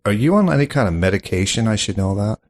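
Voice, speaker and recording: A man's voice: fairly low pitch, expressive, fast talker. A man hosting a mock call-in comedy show, flustered and incredulous, stammering as he fields callers. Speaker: host of a comedy podcast.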